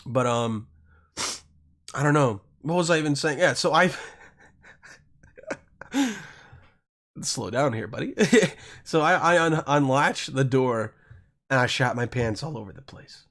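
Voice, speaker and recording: A man's voice: mid-range voice, animated, unhurried, long pauses, a bit bright. A man from Europe hosting a podcast, telling a rambling, crude story in a casual monologue full of swearing and self-interruptions. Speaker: podcast host.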